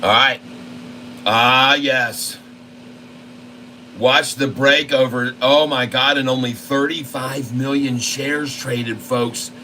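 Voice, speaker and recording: Male trading host, live commentary, folksy and excitable, bright sharp tone. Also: mid-range voice, takes it slowly, slight background noise, rough recording. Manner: folksy and excitable, keeps addressing the viewers. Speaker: stock trading channel host.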